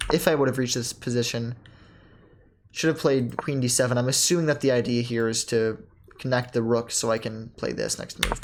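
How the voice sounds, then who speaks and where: Halting young man reviewing chess, keyboard clicks. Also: medium pitch, a little hiss or hum. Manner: halting, self-correcting, many ums and laughs. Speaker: chess vlogger reviewing his own game. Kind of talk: casual thinking-aloud game review.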